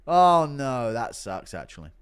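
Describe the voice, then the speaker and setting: Excitable, swearing male streamer, lively pitch. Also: measured pace, clean tone. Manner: excitable, profane, loud bursts. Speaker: streamer host. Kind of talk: live reaction play-by-play.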